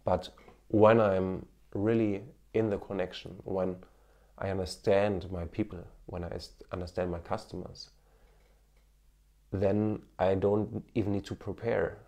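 A man's voice: deep voice, fairly even intonation, a little slow, mellow. A man in his thirties with a German accent, slightly tinged with Indian, giving earnest, encouraging advice to camera, with many fillers. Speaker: marketing coach, former TV cameraman. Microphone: smartphone with an external microphone.

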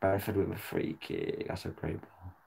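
Swearing football fan reacting live. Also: male voice, low-pitched, very animated, moderate pace, vocal fry, husky. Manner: swears often, shouts at the referee, swings from mutters to yells.

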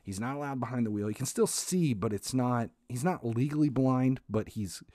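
A man hosting a podcast, telling a comic family story in a casual, animated way, swearing, restarting sentences and laughing as he goes. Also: mid-range voice, moderate pace, dry recording, studio quality. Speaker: podcast host.

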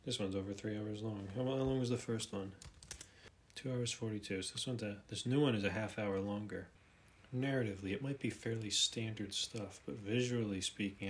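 A man's voice: fairly low pitch, moderate pace, a little hiss or hum. A man casually thinking aloud as he browses a website, hesitant and rambling, with many fillers and restarts, now and then reading a summary aloud. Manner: reads plot summaries aloud, then comments. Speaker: YouTube movie commentator. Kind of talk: casual off-the-cuff commentary while browsing a website. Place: room at home, at a desk chair.

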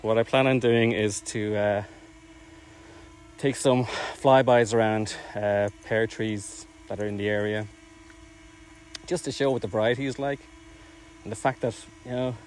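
A man with a slightly low voice talks casually outdoors as he walks. He is a little out of breath and rambles, using plenty of fillers and self-deprecating asides. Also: steady tone, measured pace, a little hiss or hum. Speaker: orchard project owner streaming drone flights. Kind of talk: casual live-stream vlog narration. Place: outdoors in fields.

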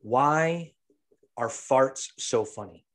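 A man and young father telling profane, animated stories on a casual podcast, acting out the voices of the people in them. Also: mid-range voice, drawn-out words. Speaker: podcast co-host; father of a toddler. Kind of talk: casual storytelling.

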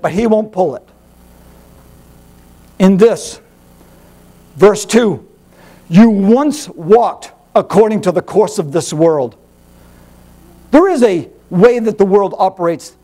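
A male pastor preaching a sermon in an animated, rhetorical way, firing questions at the congregation. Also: sits high.

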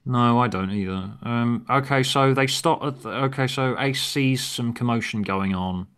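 A man's voice: mid-range voice, fairly bright tone, clean tone. Man reading a fan script aloud. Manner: narrates stage directions in a quick, offhand way with fillers. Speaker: podcast co-host.

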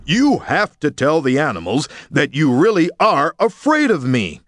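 A man voicing a big, bullying male lion who growls his lines slowly and impatiently, over music. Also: fairly high pitch, huge pitch swings, a bit bright, dry recording, clean studio sound, exaggerated voice. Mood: gruff. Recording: music bed underneath.

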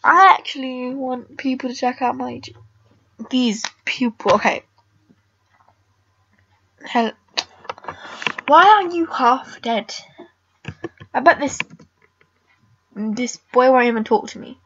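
A woman's voice: high voice, takes it slowly, long pauses, pushed and bright, dull audio, slight background noise. A teenage girl chatting casually over her game recording, rambling and blunt with lots of filler words. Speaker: gamer vlogger.

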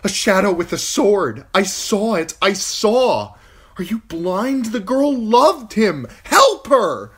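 Brief: man voicing stern, urgent noblewoman, high and forceful for an audiobook reading. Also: animated, measured pace, husky. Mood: frantic. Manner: raised pitch, urgent commanding delivery. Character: noble widowed lady, commanding and urgent.

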